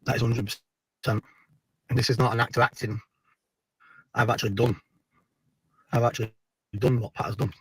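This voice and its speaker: A man's voice: mid-range voice, fairly even intonation, normal speed, long pauses, slightly rough, no echo, rough recording. A man speaking in a clip, boastful and rambling, thanking viewers and swearing when heated.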